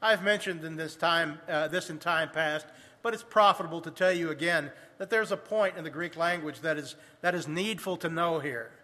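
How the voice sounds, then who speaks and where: A man preaching from the pulpit, his voice high and bright. He reads scripture in old-fashioned wording and slows down to stress key phrases. The sound carries a long reverb, as in a large church. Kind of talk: sermon.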